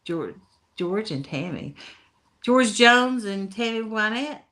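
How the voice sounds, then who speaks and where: A woman's voice: mid-range voice, animated, slow, a bit bright. A woman from Tennessee with an Appalachian accent, hosting a casual live stream, reading chat comments in folksy talk and laughing often. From Tennessee, USA. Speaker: livestream host reading chat.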